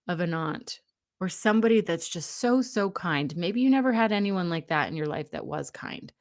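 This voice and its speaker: A young adult woman giving a casual spiritual talk, gently coaching listeners and acting out their inner dialogue in quoted lines. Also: lowish voice. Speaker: host.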